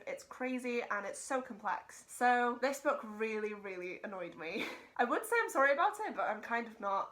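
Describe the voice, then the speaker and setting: A woman's voice: a little high, pushed and bright. A young Welsh woman with a Welsh accent, reviewing books on her channel in an exasperated, emphatic way and laughing between points. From Wales. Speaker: book vlogger. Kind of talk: casual ranting book review.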